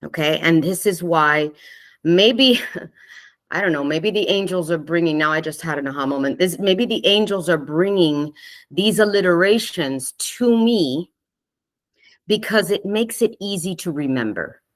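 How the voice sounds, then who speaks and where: A woman with a low voice gives a spiritual talk to an online group. She speaks gently and conversationally, checks in with her listeners often and laughs easily. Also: a little slow. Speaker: spiritual teacher hosting a live online session.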